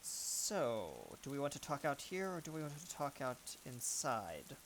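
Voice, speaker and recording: A man voicing a giant male lightning god creature who speaks slowly and imperiously in a whispery voice, with rain heard behind. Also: mid-range voice, big pitch swings, fairly bright tone. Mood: lofty. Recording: rain and thunder noise behind.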